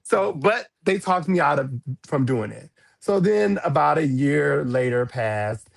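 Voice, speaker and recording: A man telling a story as a podcast guest, frank and animated, with cursing and sudden high jumps in pitch when he quotes people. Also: measured pace, vocal fry. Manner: frank, swears freely. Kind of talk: storytelling in a casual interview.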